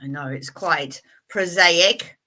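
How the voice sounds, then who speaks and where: A middle-aged woman leading a live tarot session in a relaxed, rambling way, full of playful asides. Her voice sits fairly low for a woman but has a bright, forceful edge. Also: takes it slowly. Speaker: tarot reader. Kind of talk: casual live-stream reading.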